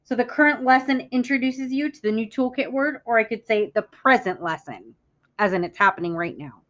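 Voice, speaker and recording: Clear-voiced teacher woman, muffled audio. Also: on the high side, fairly bright tone. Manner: clear, deliberate teacher talk with stressed words for echoing. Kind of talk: classroom vocabulary lesson.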